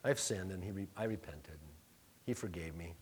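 A man preaching a sermon, telling a personal story in a conversational, joking way, dropping to soft murmurs and rising to loud emphatic lines. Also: low-pitched, normal speed, slight background noise. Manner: conversational, self-deprecating, jokey asides. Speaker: pastor.

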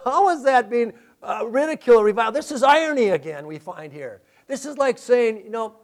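A male pastor preaching a sermon, animated, with sarcastic asides and laughter. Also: extremely high pitch, brisk.

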